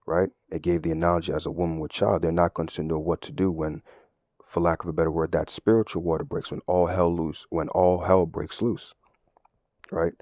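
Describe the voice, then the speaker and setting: A man's voice: low-pitched, little pitch movement, brisk, darkish tone, no room sound, clean studio sound. A man giving a casual, conversational Bible teaching, often checking in with "right?" and using everyday analogies. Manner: conversational, tag questions, sports analogies. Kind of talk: casual sermon.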